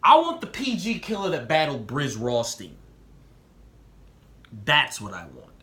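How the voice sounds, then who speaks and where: A young man in a casual vlog giving excited predictions and talking straight to the people he discusses. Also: a little slow, echoey room. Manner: excitable, talks straight to the rappers, jumps in pitch. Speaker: battle rap commentator.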